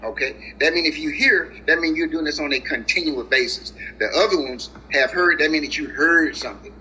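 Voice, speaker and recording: A preacher delivering a sermon, drawing out scripture verses slowly and calling his listeners family and guys. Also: lo-fi sound, a little hiss or hum. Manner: animated, with swings of pitch and slow drawn-out scripture reading. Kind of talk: sermon, reading and explaining scripture.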